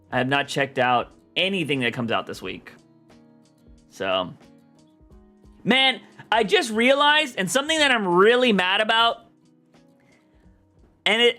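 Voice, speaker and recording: A young man talks loosely on his livestream, rambling in slang with plenty of animation. His voice sits high and bright with a sharp edge. Faint music plays behind him. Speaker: streamer and comic podcast host. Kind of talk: casual livestream chat.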